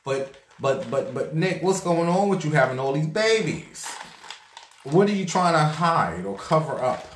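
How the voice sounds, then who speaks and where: A man vlogging a casual story in a chatty, animated way, swearing freely and saying "like" a lot. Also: on the high side, unhurried, slight background noise. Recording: roomy echo.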